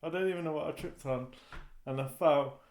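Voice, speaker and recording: A man's voice: on the high side, a little fast, a little mellow. A man, co-hosting a casual chat and telling stories in a plain, matter-of-fact way. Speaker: podcast co-host. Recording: echoey room.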